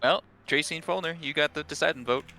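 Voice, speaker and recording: A man's voice: a little high, quick pace, gravelly, sharp tone, faint music behind. A man playing a tabletop game, thinking aloud and weighing options with restarts. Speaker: player. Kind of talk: casual tabletop game chat.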